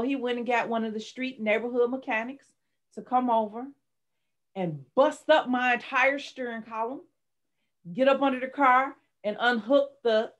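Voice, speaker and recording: A middle-aged woman, a life coach and author, telling her personal story candidly and with strong emotion in an interview. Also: on the high side. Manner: candid, emotional, dramatic retelling.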